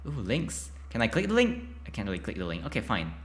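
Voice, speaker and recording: A man playing through a text game, reading its passages aloud between excitable, chatty reactions full of restarts. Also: lowish voice, fast. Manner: excitable, chatty, many filler likes and restarts. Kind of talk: casual game playthrough with read-aloud text.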